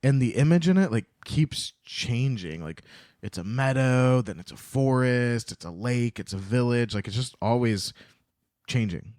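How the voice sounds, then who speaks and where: A young man co-hosts a book podcast, retelling chapters in a relaxed way. His middle-pitched voice moves widely. The sound is dry and close. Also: a little slow, dry recording. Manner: relaxed, acts out quotes, laughs. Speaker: podcast co-host. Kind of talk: casual book chat, retelling the story.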